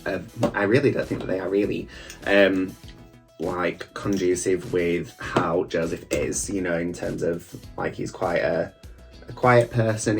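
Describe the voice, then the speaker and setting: Man, drag queen, camp and chatty, rambling asides, lowish voice, soft music underneath. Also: vocal fry. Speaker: drag queen reviewing a TV show. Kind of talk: casual reaction chat. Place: at home getting ready at a mirror.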